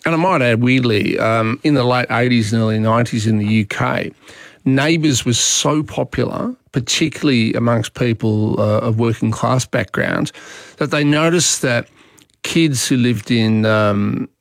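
A man's voice: medium pitch, gravelly, no room sound. An Australian man hosting a talkback radio show, chatty and opinionated, speaking into a studio microphone. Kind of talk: talkback radio monologue and calls.

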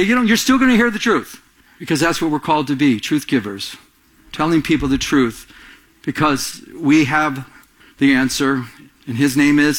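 A pastor delivers a sermon in a fairly high voice, preaching with animation. He raises his pitch to act out quotes and frequently repeats and restarts his phrases.

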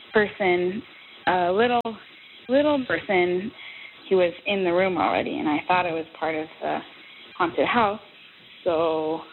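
A woman with a lowish voice tells her story over a thin phone line, halting and amused. A faint hiss sits behind her. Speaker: caller.

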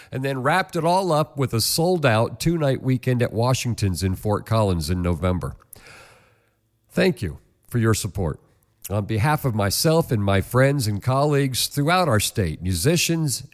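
A man hosting a community radio show, speaking earnestly and gratefully to listeners into a studio mic. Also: medium pitch. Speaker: radio host. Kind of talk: radio announcing.

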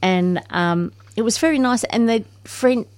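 A woman's voice: on the high side, a little slow. An Australian woman with an Australian accent, a guest chatting casually on radio, rambling from one thought to the next. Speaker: guest, local campaigner.

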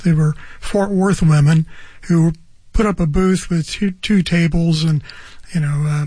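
An older man, a radio reporter, recalling his reporting in a halting, reflective way with many fillers. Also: sits high, darkish tone, no room sound. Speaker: arts and culture reporter. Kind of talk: casual studio interview.

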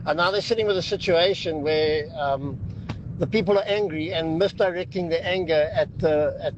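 A man's voice: on the high side, moderate pace, dull audio, noisy background. A man calling in to a radio show, speaking frankly. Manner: frank, talks plainly about his past. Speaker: radio caller.

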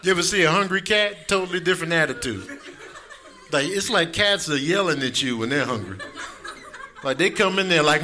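A man's voice: a little high, animated, a little fast, noisy background. A male comedian casually riffing about pets in a laid-back, chuckling manner.

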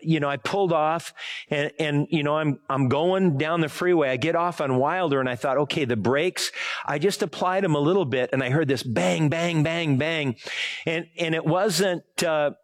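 A man's voice: fairly high pitch, moderate pace. A middle-aged male pastor preaching casually, rambling through a personal story, correcting himself and asking his listeners for help. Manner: rambling, self-correcting, asks the audience for help. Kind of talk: conversational sermon with a personal story.

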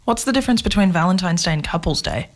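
An Australian man co-hosts a breakfast radio show in a studio. He reads news and sport briskly, then drifts into easygoing banter. His voice sits a little higher than most men's. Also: animated. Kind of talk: news reading and casual chat. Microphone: studio microphone.

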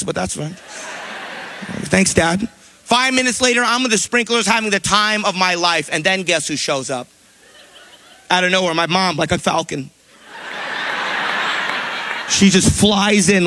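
A male stand-up comedian telling a story with animated, fast delivery. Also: sits high, a little hiss or hum.

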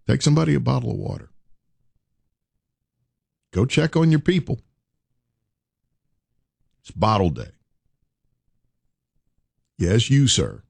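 A man's voice: mid-range voice, sing-song, unhurried, vocal fry, pauses often, darkish tone, breathy edge, dry recording, studio quality. A man hosting a radio show, urging listeners with preacher-like repetition. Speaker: radio host. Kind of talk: morning radio talk.

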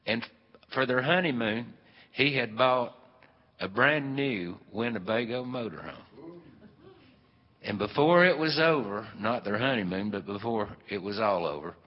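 A man telling a folksy story and acting out the dialogue in an animated, drawling way. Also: fairly low pitch, a little slow. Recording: reverberant hall, dull lo-fi sound.

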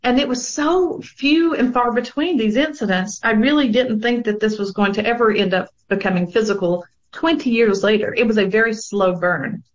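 A woman's voice: a little high, normal speed, hardly any pauses, muffled recording. A woman guest on a talk show, earnestly telling her own story with frequent ums. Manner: earnest storytelling with many fillers. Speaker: guest, abuse survivor and advocate. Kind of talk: personal testimony on a talk show.

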